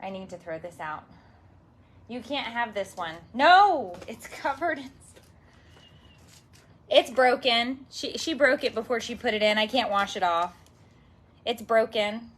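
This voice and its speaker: A woman's voice: a little high, expressive, a little slow, pauses often, fairly bright tone. A woman talking casually to her phone camera in her yard as a parenting vlogger, chatting and exclaiming at her dog. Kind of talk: casual vlog chat. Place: outdoors at home, yard.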